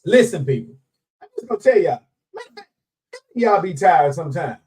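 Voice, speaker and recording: A man's fairly high voice moves at a moderate pace as he hosts a live show, playfully chatting with viewers, naming them as he greets them, and laughing often. The talk is animated, casual, and in playful Southern Black vernacular, recorded with him somewhat distant from the mic.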